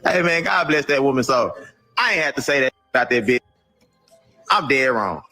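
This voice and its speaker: A man of about thirty, ranting and taunting aggressively in a clip, sometimes shouting. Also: medium pitch, lively intonation, normal speed, faint music behind. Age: around 30. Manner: aggressive, taunting, shouts and half-sings at times. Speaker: rapper in a clip. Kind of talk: trash-talking rant.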